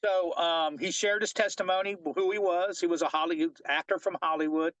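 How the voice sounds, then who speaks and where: Middle-aged man telling a story, slightly high voice. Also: fairly quick, no room sound, poor audio. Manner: animated storyteller who keeps asking "right?". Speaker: fishing guide. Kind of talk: telling a personal story in an interview.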